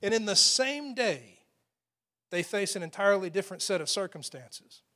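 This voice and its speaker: High-voiced man preaching with emphasis. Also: expressive, normal speed. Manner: emphatic preaching, dropping to hushed tones for quoted lines. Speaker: pastor. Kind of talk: sermon. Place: church with a loud PA system.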